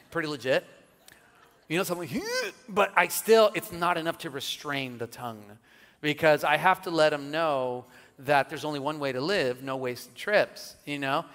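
A middle-aged male pastor preaching a sermon, telling funny family stories with lively, laughing delivery. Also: fairly high pitch. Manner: animated storytelling with jokes and laughter. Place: church sanctuary. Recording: church hall with long reverb.

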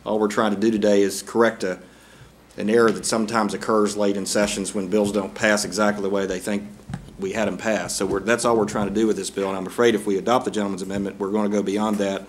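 A man's voice: lowish voice, level tone, fast, slight background noise. A man legislator arguing in a committee hearing, earnest, with some hesitant restarts. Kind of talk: committee debate.

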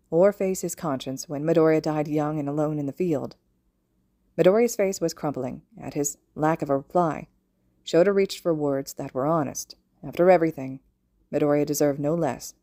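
Low-voiced woman reading a story. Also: no room sound, clean studio sound. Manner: calm, even storytelling. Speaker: fan audiobook reader. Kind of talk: scripted narration.

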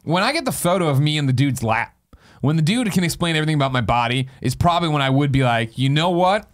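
A man's voice: on the high side, lively intonation, quick pace. A man hosting a casual movie review chat, recapping scenes and acting out characters as he goes. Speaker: podcast host.

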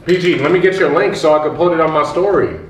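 An upbeat, hyped man chatting on a livestream. His voice sits slightly high and rings in an echoey room over steady background noise. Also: fast talker, distant mic. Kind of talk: casual livestream chat. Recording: roomy, noisy.

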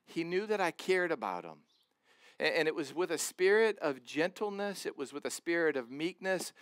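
A man's voice: fairly high pitch, sing-song, moderate pace, dry recording, studio quality. A man in his forties preaching a sermon as pastor, earnest and emphatic, often repeating words and restarting.

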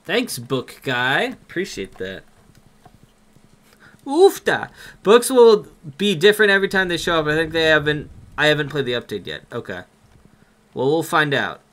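Speaking at a moderate pace with a voice on the high side, a young Minnesotan man streams a game. He reads the on-screen text aloud and jokes around excitedly as he comments.

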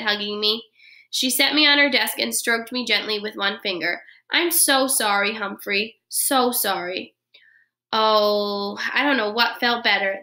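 A woman reads a children's chapter book aloud in an expressive storytelling manner, as a first grade teacher would. Her voice is fairly high and very bright. She keeps the narration lively and clear.

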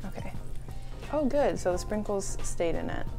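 A young woman talks through a recipe in a casual cooking vlog, giggling and saying "like" as she goes. She sounds nervous and excited by turns. Soft music plays faintly behind her voice. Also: mid-range voice, normal speed. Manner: excitable and nervous, laughs often, says "like" a lot. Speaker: food vlogger.

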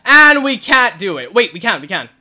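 A young man wearing a headset, giving nervous, excited gameplay commentary and crying out in panic as he plays. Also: very high-pitched, normal speed. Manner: nervous, shouts and cries out in panic. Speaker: gaming channel host. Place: hot room at home.

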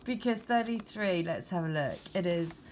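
A woman with an English accent giving a spiritual card reading, moving between steady reading of card meanings and excited, laughing chat about synchronicities. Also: on the low side, moderate pace, a little hiss or hum. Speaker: tarot and oracle card reader.

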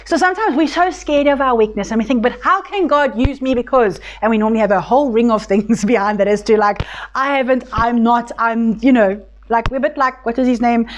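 A woman teaching a Bible study group in a casual, conversational way, with many restarts, speaking tenderly when voicing God. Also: fairly high pitch. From South Africa.

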